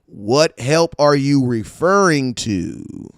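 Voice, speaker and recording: A man hosting a casual sports fan show, talking in an animated, slangy way with stories and asides. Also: mid-range voice, takes it slowly, dry recording, studio quality. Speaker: sports podcast host.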